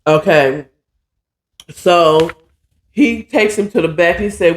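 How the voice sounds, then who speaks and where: Slow-talking man recapping a story. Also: high voice. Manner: loose and digressive, with side comments and swearing. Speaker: podcast host. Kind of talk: casual retelling of a novel chapter. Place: alone in a room. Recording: echoey room.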